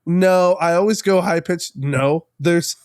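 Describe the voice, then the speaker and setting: A man's voice: sits high, slow, clear, resonant tone, no echo, clean studio sound. Rambling male podcast co-host. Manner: rambling, many restarts and "like" fillers. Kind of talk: casual chat.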